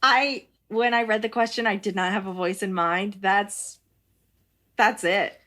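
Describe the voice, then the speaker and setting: A woman's voice: medium pitch, unhurried. Brief: woman co-host, easygoing and conversational, mid-range voice, reading listener questions. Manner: relaxed, supportive, conversational.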